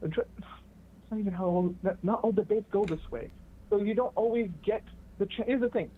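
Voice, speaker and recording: A man's voice: sits high, a little fast, slight background noise. A man calling into a live stream, arguing in a defensive, repetitive way and stumbling over his words. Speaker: caller. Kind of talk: heated call-in argument. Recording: tinny phone line.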